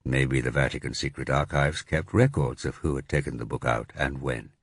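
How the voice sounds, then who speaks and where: A man narrating a thriller audiobook in a steady reading voice. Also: extremely low pitch, moderate pace, breathy edge, dry recording, studio quality. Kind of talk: scripted narration.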